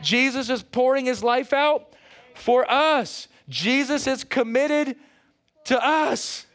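A pastor preaching a sermon with animated delivery, playful asides and calls out to the congregation. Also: male voice, very high voice, takes it slowly.

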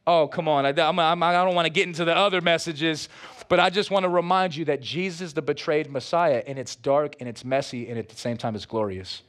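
A pastor preaching a sermon with animated delivery, playful asides and calls out to the congregation. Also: male voice, fairly high pitch, brisk.

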